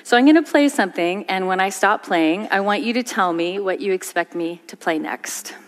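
A woman giving an expressive stage talk about songwriting, teaching with demonstrations. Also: medium pitch, moderate pace. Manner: expressive, demonstrative, sings short examples. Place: large hall on stage. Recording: stage talk with long hall reverb.

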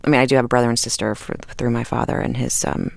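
Actress in her middle years, gravelly creaky voice, dry studio sound, rambles a lot. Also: rumbling low, level tone, fast, no echo. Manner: chatty, rambling with fillers and restarts, laughs often. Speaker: actress, interview guest. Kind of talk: casual interview conversation.

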